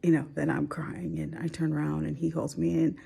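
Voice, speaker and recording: A woman in her forties shares a personal story in a soft, tearful voice that keeps slipping into whispers. Her voice sits low with a gravelly fry and a husky edge. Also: flat delivery, a little fast. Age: 40s. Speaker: vlogger. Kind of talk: emotional personal vlog.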